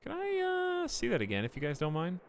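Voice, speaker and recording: Lively, excitable male game streamer. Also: sits high, a little fast, vocal fry, a little hiss or hum. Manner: excitable, reacting aloud and bantering with chat. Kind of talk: live game-stream commentary.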